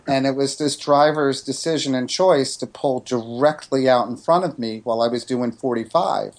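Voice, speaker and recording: Guy from new jersey, mid-pitched, earnest, keeps restarting sentences, chatty interview guest. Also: normal speed. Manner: earnest storyteller, frequent restarts. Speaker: psychic medium guest. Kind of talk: casual radio interview talk.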